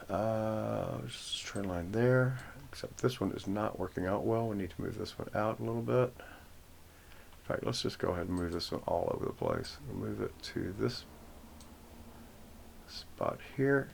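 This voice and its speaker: A man's voice: on the low side, sing-song, a little slow, gravelly, darkish tone, slight background noise. A man hosting a forex trading channel, talking casually through his chart trend lines with rambling self-corrections and joking asides. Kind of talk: casual screen-share chart walkthrough.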